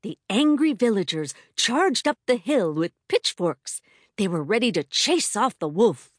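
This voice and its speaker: A woman playing a school librarian who reads a fable aloud to children with expressive, dramatic storytelling. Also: mid-range voice, a little slow, no echo, clean studio sound.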